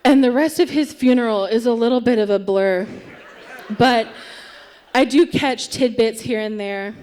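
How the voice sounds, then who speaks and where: A woman's voice: on the high side, moderate pace, a little mellow. A woman telling a wry, self-deprecating story on a theatre stage, acting out what people said. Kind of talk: live comic storytelling.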